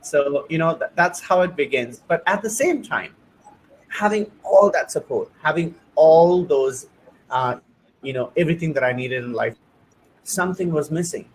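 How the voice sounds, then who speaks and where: A man hosts a heartfelt conversation in a voice pitched a little high. He speaks earnestly in short, searching phrases as he shares his own experience, with faint ambient noise behind him. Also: animated, moderate pace, low-quality recording. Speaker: host. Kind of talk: personal testimony in conversation.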